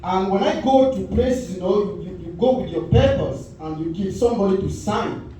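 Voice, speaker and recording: High-voiced man doing stand-up in a club. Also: dark tone, a little hiss or hum. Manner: halting, conversational, repeats himself. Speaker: stand-up comedian. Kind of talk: stand-up set. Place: comedy club. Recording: roomy club sound from far off.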